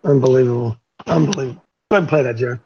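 A man's voice: mid-range voice, very fast, vocal fry, a little mellow, slight background noise. A man hosting a show, chatting casually in upbeat banter. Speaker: show host. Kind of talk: casual chat. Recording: dull lo-fi audio.

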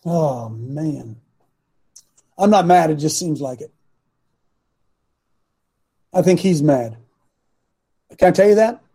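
A man hosting a talk show as a coach, preaching with passion and at times shouting. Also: fairly high pitch, animated, slow pace, pauses often, husky. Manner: impassioned, swings to shouting. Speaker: host and coach.

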